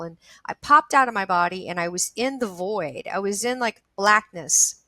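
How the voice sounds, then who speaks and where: A woman's voice: medium pitch, animated, normal speed, sharp tone, no echo, low-quality recording. A woman, an actress, speaking as an interview guest and telling a personal story in an earnest, emphatic, heartfelt way, often restarting her sentences.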